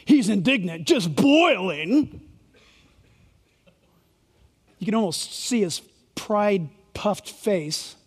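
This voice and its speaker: A man preaching a sermon in a church, animated and sarcastic, with fiery outbursts. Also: high-pitched, a little slow, big-room sound. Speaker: pastor. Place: church sanctuary.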